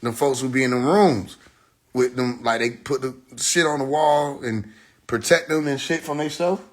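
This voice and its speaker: On his phone livestream, a young host talks casually, laughing as he animatedly plays the characters in his stories. His voice sits mid-range at a moderate pace.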